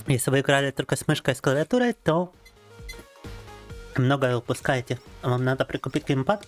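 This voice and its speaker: On a casual live stream, a young gaming streamer with a slightly high voice chats over faint game music. His first language is Russian, and he rants with overblown mock tragedy while switching between two languages.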